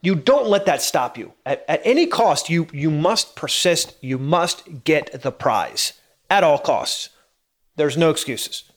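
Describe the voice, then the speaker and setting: A man in his thirties speaks with a voice that sits a little high for a man. He sounds earnest and driven, giving a casual motivational talk. He often stutters and repeats words as his thoughts race ahead. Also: big pitch swings, unhurried. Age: 30s. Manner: earnest, stammers and repeats words when worked up; laughs at himself now and then.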